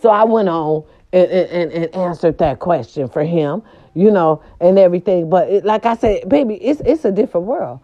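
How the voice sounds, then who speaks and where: A woman's voice: lowish voice, animated, normal speed, warm tone. Blunt, profane woman vlogger, lo-fi sound. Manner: blunt, profane, playful, talks straight to viewers. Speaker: vlogger telling a story to viewers. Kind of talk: casual storytelling vlog.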